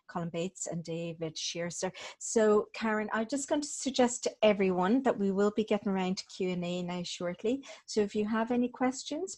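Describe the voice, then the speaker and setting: Woman host, lowish voice, encouraging, slightly halting, video call. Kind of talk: hosting an online talk show.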